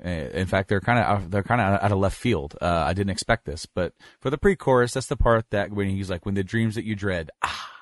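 A man hosting a casual podcast over a call, rambling and correcting himself as he talks, with bursts of excited laughter. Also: sits low, a little fast, few pauses, dry recording, studio quality. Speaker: podcast host.

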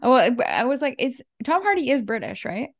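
A woman co-hosting a podcast in casual chat, wry and quick to laugh, giving short dry replies. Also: high-pitched, very animated, no echo. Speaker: podcast co-host.

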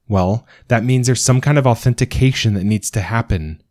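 A man voicing a gentle young husband and father in a spoken story, talking in a soft, reassuring way. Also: mid-range voice, normal speed, no echo, studio quality, pitched above the performer's own voice, natural voice. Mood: explaining. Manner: soft and reassuring, thinking aloud.

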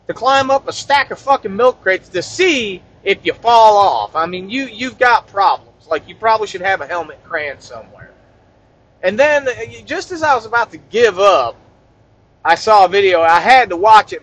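A man delivering a rambling, profane comic rant with deadpan asides. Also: sits high. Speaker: comedian.

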